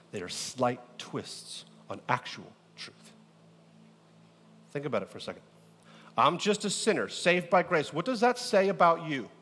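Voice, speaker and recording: A pastor preaching a sermon in a lively, joking way, firing rhetorical questions at his church. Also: medium pitch, a little hiss or hum. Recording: echoey hall.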